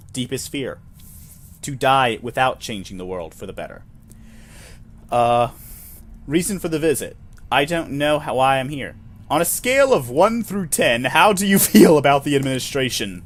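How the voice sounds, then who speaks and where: A man's voice: mid-range voice, animated, normal speed. A man narrating a solo tabletop game in a self-amused, chatty way, dropping jokey asides.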